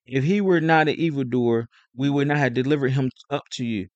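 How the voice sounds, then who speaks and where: A man voicing an angry crowd of priests, loud and insistent. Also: mid-range voice, fairly quick, no room sound, highs cut off, natural voice.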